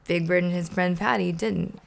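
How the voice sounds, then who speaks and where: A woman's voice: fairly low pitch, steady tone, normal speed, gravelly. A woman hosting a casual podcast, chatting and reading a children's storybook aloud, laughing often. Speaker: podcast host.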